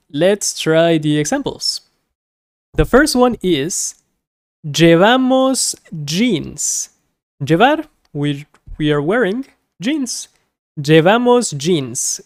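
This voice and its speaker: A woman teaching a beginner Spanish lesson, repeating each word slowly and carefully, with light laughs as she explains. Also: lowish voice, a little mellow, dry recording, studio quality. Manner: slow, careful repetition of words.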